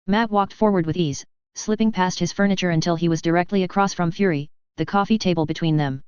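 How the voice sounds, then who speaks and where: A woman reading a story aloud in a steady, even narration. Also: fairly low pitch, brisk, clean tone, no room sound, dull audio. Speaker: fanfiction reader. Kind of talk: scripted narration.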